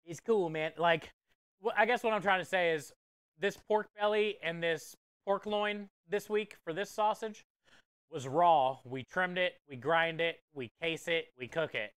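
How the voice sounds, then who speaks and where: A man's voice: a little high, a little slow, a bit bright, clean tone, dry recording, clean studio sound. A man, a food truck chef, chatting casually with his livestream viewers while he cooks in a kitchen. He is easygoing and joking, and he chuckles often. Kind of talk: casual livestream cooking chat.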